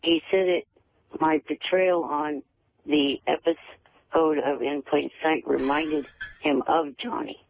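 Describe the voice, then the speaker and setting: Man, calling in, halting and stumbling, raised pitch, gravelly tone, tinny phone line. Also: steady tone, a little hiss or hum. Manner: halting, repeats words. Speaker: caller. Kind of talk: phone-in chat.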